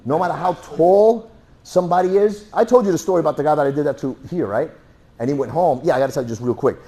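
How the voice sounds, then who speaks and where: Guy running a self defense class, talks animated, says bang and boom a lot, mic clipped on. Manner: animated storyteller, punchy sound effects. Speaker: martial arts instructor. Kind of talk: teaching a class. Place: training room. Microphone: worn mic.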